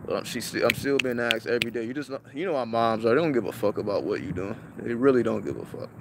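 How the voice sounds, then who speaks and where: Guy rambling thru a story for his viewers, cusses a lot, repeats himself, mid pitch, faint street noise behind. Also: quick pace. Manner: profane, repetitive, restarts often. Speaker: vlogger.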